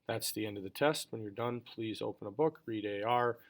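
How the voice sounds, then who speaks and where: A man teacher reading a multiple-choice history test aloud, his voice falling at the end of each list of answers. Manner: measured, falls in pitch and volume at the end of each list of choices.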